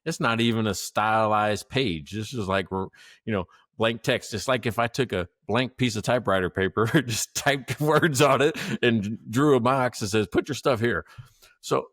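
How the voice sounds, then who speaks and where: A man co-hosting a podcast, telling a story in a casual, animated way, acting out what people said and laughing often. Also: fairly low pitch, moderate pace, no echo, clean studio sound. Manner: animated, acts out quotes, laughs often, swears. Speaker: podcast co-host.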